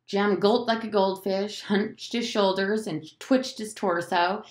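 A woman teacher reading a novel aloud to her class, in an expressive storytelling manner. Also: medium pitch, takes it slowly, few pauses, roomy sound.

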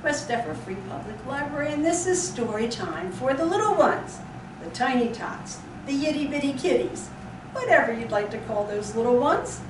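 Brief: woman librarian at toddler storytime, high and bouncy, slow and sing-song, recorded from a distance in an echoey room. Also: noisy background. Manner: sing-song, gasping, playfully animated. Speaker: children's librarian. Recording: echoey room, mic far off.

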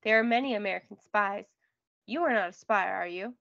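A woman's voice: medium pitch, brisk, gravelly, a bit bright, no echo. A woman reading as a watchful British guard soldier, suspicious and wry as he questions people. The sound is dry and slightly dull, like a lo-fi recording.

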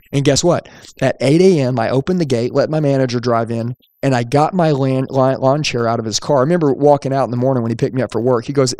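Man, podcast host, energetic storyteller, punchy emphasis, mid pitch, dry close sound. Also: brisk, no echo. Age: young adult at the time of the story, now older. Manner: energetic, emphatic, quotes people in dialogue. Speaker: podcast host, sales trainer. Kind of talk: storytelling monologue.

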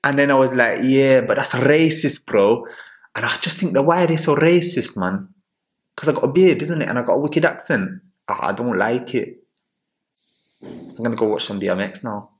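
A man's voice: moderate pace, lightly acted. A man voicing a brash young man who talks in street slang and whines about being wronged. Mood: aggrieved. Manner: whiny, slangy, sliding pitch.

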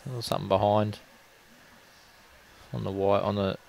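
Aussie bloke commentating bowls, easygoing, lowish voice, chatty. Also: male voice, fairly even intonation, moderate pace, gravelly, a little mellow. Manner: laid-back, jokey banter. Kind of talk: livestream commentary.

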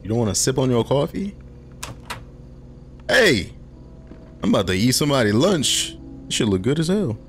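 A young man hosting a casual horror game let's play, talking in loose slang and getting jumpy and excitable when startled. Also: mid-range voice, normal speed, long pauses, a little hiss or hum. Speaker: gaming channel host.

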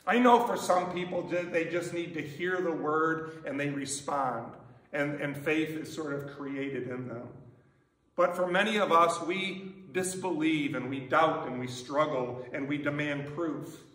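A man's voice: on the high side, unhurried, a bit bright. A man preaching a sermon as pastor, in a conversational way with many rhetorical questions. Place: church sanctuary. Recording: echoey church from a distant mic.

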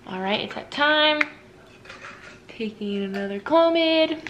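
A woman's voice: sits high, expressive, takes it slowly, highs cut off, background noise. A young woman vlogging casually at home, chatty and full of "like" fillers. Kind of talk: casual personal vlog.

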